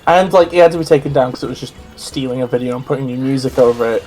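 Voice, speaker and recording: A man chatting casually on a gameplay stream at a desk mic, his voice sitting at an ordinary middle pitch. He rambles through opinions, doubling back and correcting himself as he goes, with faint game music underneath. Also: steady tone, racing, a little mellow. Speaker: streamer co-host.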